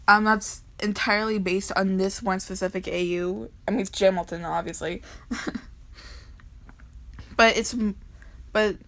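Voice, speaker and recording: A woman's voice: medium pitch, fairly even intonation, a little slow, long pauses, fairly bright tone. A young woman casually reading comics aloud and chatting, rambling and giggly with lots of ums and restarts. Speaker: comic reader vlogger.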